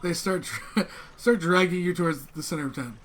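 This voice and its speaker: High-pitched and a bit bright, this man narrates as the game master of a tabletop game. He speaks haltingly, relying on lots of fillers and frequent restarts.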